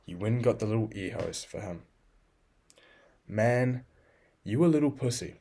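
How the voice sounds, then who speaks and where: A man's voice: fairly low pitch, animated, normal speed, creaky, mellow, husky. A man keeping a casual video journal, bluntly and profanely telling himself off in the second person. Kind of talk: casual self-talk journal.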